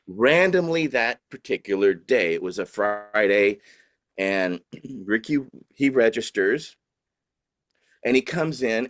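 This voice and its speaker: New orleans guy telling a story, super lively pitch, jumps into high voices for quotes, dry close sound. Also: dry recording. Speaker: guest, dispensary owner. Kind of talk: casual storytelling.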